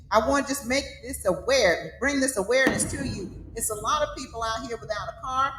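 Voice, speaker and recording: A high-voiced, middle-aged Southern woman holds forth with fiery, emphatic conviction, punctuating her points with "okay?". She talks in a casual monologue as host. The recording sits in an echoey room with a clear layer of background noise. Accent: Southern American. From Southern United States.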